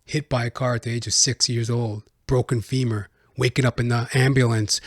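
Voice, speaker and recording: A man's voice: mid-range voice, little pitch movement, normal speed, no room sound, studio quality. A man hosting his own podcast, telling his life story in a rambling, conversational way. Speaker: podcast host. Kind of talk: casual personal monologue.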